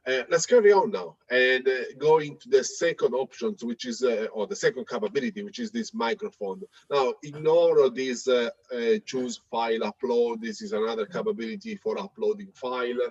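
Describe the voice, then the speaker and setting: A man presenting a live software demo, talking in a hesitant way with many fillers and restarts. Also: mid-range voice, expressive, moderate pace, few pauses, no room sound, lo-fi sound. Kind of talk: live tech demo talk.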